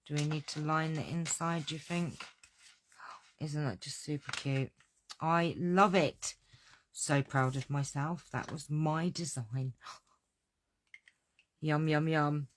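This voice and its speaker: A woman's voice: sits low, fairly even intonation, slow pace, long pauses, a little hiss or hum. A woman running a live card-making tutorial at her craft desk, gushing and exclamatory as she talks to her viewers.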